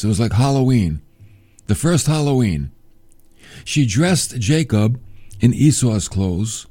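Guy doing a bible lesson, jokey asides, voice jumps all over, kinda dark mellow tone. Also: mid-range voice. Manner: chatty, jokey asides while reading scripture aloud. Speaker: Bible teacher. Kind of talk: casual Bible storytelling.

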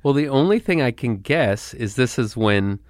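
A man's voice: medium pitch, lively intonation, moderate pace, no room sound, studio quality. A man co-hosting a podcast in casual chat, easygoing and appreciative in tone. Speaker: podcast co-host.

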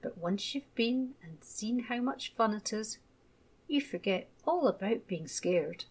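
A woman voicing a gentle, patient mother in a children's storybook, coaxing and reassuring. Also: medium pitch, animated, unhurried, husky.

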